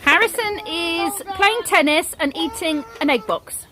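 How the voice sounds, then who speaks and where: A woman's voice: extremely high pitch, measured pace. A woman vlogging, chatting casually and cooing sing-song baby talk to little ones. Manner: sing-song, coos and plays with babies. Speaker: vlogger and mother. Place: back garden, outdoors. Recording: noisy home video.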